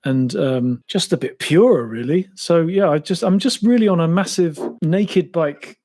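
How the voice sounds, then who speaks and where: Answering live-stream questions from viewers, this thirty-something motorcycle YouTuber, an Englishman from around Cambridge with the matching accent, is casual and self-deprecating. He speaks at a moderate pace in a warm, expressive, fairly high voice.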